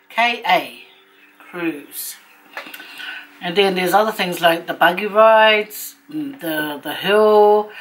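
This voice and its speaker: Chatty New woman, lowish voice. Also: a bit bright, low-quality recording. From New Zealand. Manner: chatty, rambling, laughs often. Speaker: vlogger. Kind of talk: casual chat while eating on camera.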